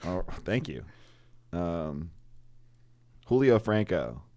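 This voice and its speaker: A man chiming in on a live podcast in a hesitant, low-key way, trailing off with fillers. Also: big pitch swings, extremely slow, mellow.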